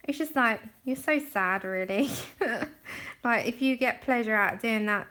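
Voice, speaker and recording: A woman's voice: a little high, unhurried, pushed and bright. Chatty woman hosting a livestream. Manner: chatty, explains steps to viewers and thanks them by name. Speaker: livestream art host. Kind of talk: casual chat while demonstrating colouring.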